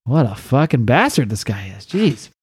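A man hosting a podcast, casually recapping a comic book in a rambling, filler-heavy way with animated asides. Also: mid-range voice, moderate pace. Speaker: podcast host.

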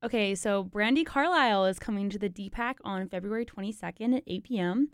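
A woman's voice: mid-range voice, brisk, clean tone, dry recording, clean studio sound. A young woman co-hosting a casual local-events podcast, playful and full of "like". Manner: playful, uses lots of "like". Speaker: podcast co-host.

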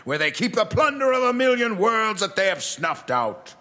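Casting: man as a hammy announcer, very high and lively, slow grand delivery, comedy audio drama. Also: heavily acted. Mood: grandiose. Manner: grandiose, theatrical announcing with mock gravity.

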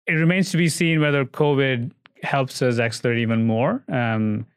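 A man in a business interview, weighing each point out loud and often circling back to rephrase. His voice sounds close and dry, with no room around it. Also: mid-range voice, steady tone, moderate pace, smooth, no room sound. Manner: thoughtful, hedging, frequent fillers and restarts. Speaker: guest, oil industry executive.

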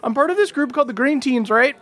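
A man's voice: very high-pitched, expressive, quick pace, a bit bright, pitched above the performer's own voice. A man voicing a nervous young male halfling scoutmaster who stammers and rambles. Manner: stammering, rambling, filler-heavy.

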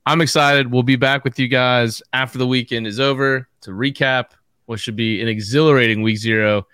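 Upbeat podcast host, dry close sound. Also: male voice, medium pitch, fairly even intonation, pushed and bright, smooth, dry recording. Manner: upbeat, brisk, plugs the show. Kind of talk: casual sports betting chat.

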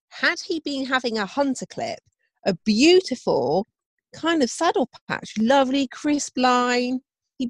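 A woman with a slightly high voice tells a family story in a relaxed, chatty way, animated throughout, imitating voices and laughing often. There's no echo.

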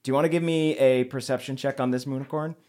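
A man running a tabletop role-playing game as game master, narrating scenes in a lively storytelling way and laughing often. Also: medium pitch, fast talker, a little hiss or hum.

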